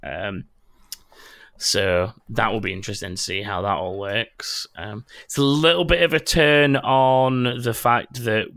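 Bright-voiced man chatting gaming news. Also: lowish voice, steady tone, unhurried, dry recording, studio quality. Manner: rambling, many ums and restarts. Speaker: podcast host. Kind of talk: casual gaming news chat.

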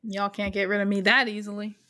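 A young woman co-hosting a podcast, chatty and self-mocking, talking in quick bursts. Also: mid-range voice, little pitch movement, bright, forceful tone. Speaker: podcast co-host. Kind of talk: casual chat.

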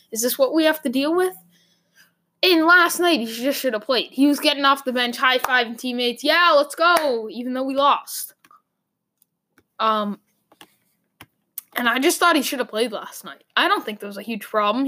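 High-voiced Boston woman ranting about sports. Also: fairly bright tone. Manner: rambling, emphatic, lots of "like" fillers. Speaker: sports talk host. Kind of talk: opinionated sports commentary monologue.

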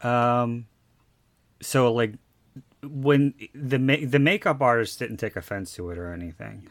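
A man's voice: mid-range voice, a little slow, dry recording. A man guest in an interview, recalling past events in a rambling way full of restarts and fillers. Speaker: guest recalling a film shoot. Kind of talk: casual interview storytelling.

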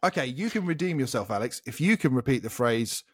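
A man from the United Kingdom hosting a podcast quiz with animated, teasing, casual banter. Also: medium pitch, fairly quick, slightly rough, dry recording, studio quality. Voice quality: animated, teasing, swears freely. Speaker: quizmaster and podcast host. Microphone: podcast microphone.

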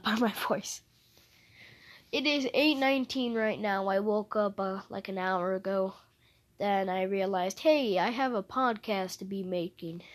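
A young woman talks alone into her podcast mic, speaking slowly. She rambles in a casual way, hesitates and often breaks off her sentences. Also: mid-range voice. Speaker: podcast host. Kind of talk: casual solo podcast chat.

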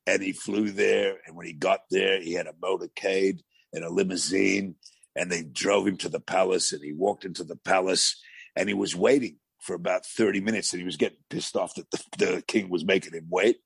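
A man with a gravelly voice, a talk show guest telling rambling anecdotes with many restarts. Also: sits low, fairly even intonation, normal speed, dry recording. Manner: rambling storyteller with frequent restarts.

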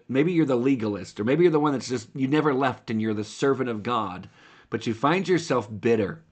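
A man preaching a sermon as a pastor, speaking earnestly and directly to his listeners, with occasional restarts. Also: mid-range voice.

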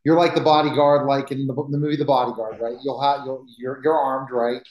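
A man's voice: medium pitch, level tone, brisk. A man hosting a podcast, asking his guest follow-up questions in a conversational way. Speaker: podcast host. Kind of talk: interviewing a guest. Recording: echoey room.

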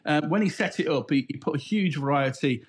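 Dry-witted podcast co-host. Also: male voice, on the high side, brisk. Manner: dry, deadpan mock-informative jokes. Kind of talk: casual banter.

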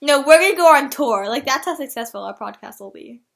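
A woman's voice: high voice, expressive, brisk, creaky. A young woman co-hosting a podcast, chatting playfully and giggling while playing a game over a phone mic. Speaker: podcast co-host. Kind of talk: casual gaming chat.

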